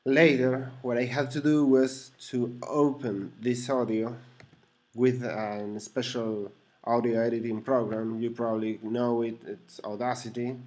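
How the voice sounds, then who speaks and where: Slow-talking guy, english not his first language, lots of ums and restarts, walking through a hobby computer project at his desk. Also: mid-range voice, flat delivery, darkish tone. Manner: hesitant, with many fillers and self-corrections; chuckles to himself now and then. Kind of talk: casual screen-recorded walkthrough.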